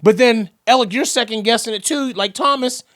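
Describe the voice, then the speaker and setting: A man guest on a podcast, telling his story with animated energy, acting out both sides of conversations and repeating phrases for emphasis. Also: extremely high pitch, a little fast, no room sound, studio quality. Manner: acts out both sides of conversations in quoted voices. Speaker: podcast guest, percussionist and motivational entertainer.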